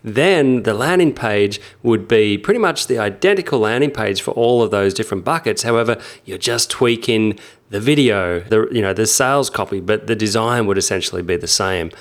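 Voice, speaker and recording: Male podcast co-host, lower voice, upbeat and chatty. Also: normal speed. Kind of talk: casual podcast discussion.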